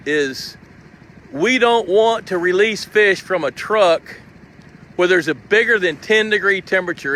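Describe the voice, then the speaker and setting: This host's high voice comes across pushed and bright as he live-streams outdoors near a lake at a fish truck. He strolls with his phone camera, talking a lot and explaining things.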